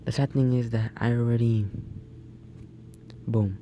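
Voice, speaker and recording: A man's voice: medium pitch, fairly even intonation, measured pace, warm tone, slight background noise. A young man telling a story over gameplay in a casual, rambling way, often restarting his sentences. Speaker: gaming YouTuber.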